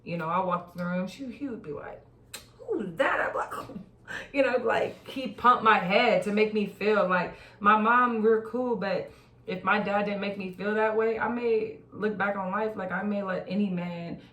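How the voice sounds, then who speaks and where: A woman hosting a casual podcast chat, telling stories in an animated way with bursts of laughter. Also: medium pitch, normal speed. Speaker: podcast host. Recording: echoey room, mic at a distance.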